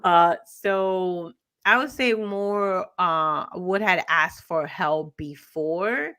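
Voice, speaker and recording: A woman's voice: on the low side, extremely slow, a bit bright, clear, resonant tone. A woman co-hosting a casual morning talk show over a video call. She tells a long personal story, laughs often and acts out the other people in it. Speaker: co-host.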